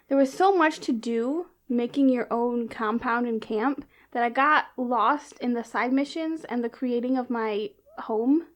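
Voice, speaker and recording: A woman's voice: on the high side, takes it slowly. A woman co-hosting a casual podcast, playful and giggly, with strong opinions. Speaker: podcast co-host. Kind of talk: casual chat.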